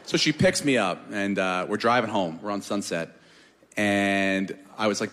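A man doing a stand-up comedy set, animated, swinging from loud shouted bits to low mumbles. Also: normal speed, in a large hall, slight background noise.

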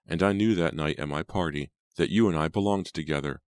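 A man's voice: sits low, brisk, darkish tone, no echo, lightly acted. A man voicing a scornful young woman who practices witchcraft, in an imperious manner, reading an audiobook. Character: scheming young Southern belle witch, scornful. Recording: dry close studio sound.

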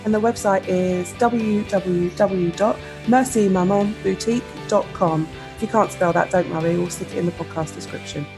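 A woman co-hosting a podcast, reading a sponsor ad at a steady, measured pace. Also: medium pitch, music in the background. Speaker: podcast co-host. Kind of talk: scripted ad read.

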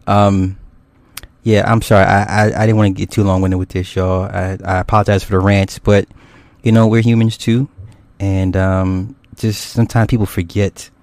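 A man's voice: lowish voice, flat delivery, moderate pace, a little mellow, no room sound. A man hosting a casual livestream, rambling and swearing loosely with frequent laughs as he reads viewer comments. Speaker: YouTube host.

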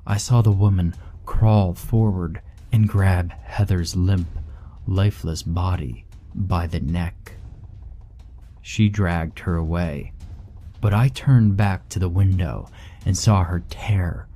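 A man narrating a horror story in a grave, measured first-person telling. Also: sits low, warm tone. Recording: faint background music.

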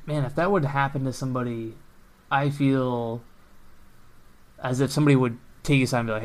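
A laid-back man hosting a casual podcast talk, with an ordinary, mid-pitched voice. He mostly chimes in with short reactions and only sometimes adds longer thoughts. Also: fairly even intonation, brisk, pauses often.

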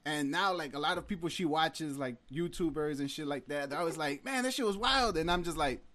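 A man's voice: a little high, fairly even intonation, fairly quick, crowd noise. A young man chatting casually with friends, swearing often and acting out quotes with laughter. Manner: profane, laughing, acts out quotes. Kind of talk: casual group chat. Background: friends talking and laughing.

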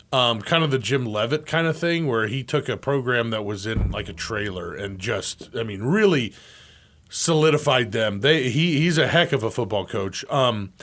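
A man co-hosting a sports talk show in casual chat, animated and laughing often. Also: mid-range voice. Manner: animated, laughs often, shouts when imitating coaches. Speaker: sports radio co-host.

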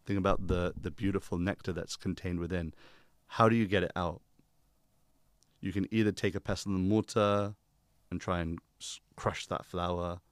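A young man, a guest speaking calmly and teacherly about spiritual ideas. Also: low-pitched, normal speed, clean tone, no echo, clean studio sound. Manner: calm, teacherly, uses analogies. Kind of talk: reflective conversation.

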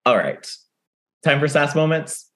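Co-host with dry quick quips, middle pitch, runs the segments. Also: sing-song, fairly bright tone. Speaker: podcast co-host. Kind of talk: casual book-club chat.

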